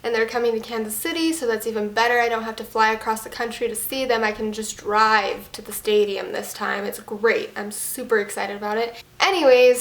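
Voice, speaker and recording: Young woman, vlogger, casual storytime, chatty with fillers, echoey room. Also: fairly high pitch.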